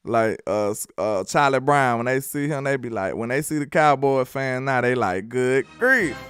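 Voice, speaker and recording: A man with a Southern accent from Alabama, doing casual sports talk and reading his live chat in an animated, playful, trash-talking way. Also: mid-range voice, normal speed, soft background music. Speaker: sports commentator.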